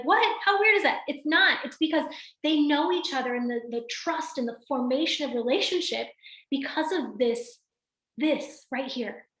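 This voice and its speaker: A high-pitched woman coaches her team over a video call, bright and energetic, checking in with her listeners as she goes. Her voice carries a noticeable echo from the room around her. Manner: energetic, addresses listeners directly with frequent "right?". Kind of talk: motivational team training call.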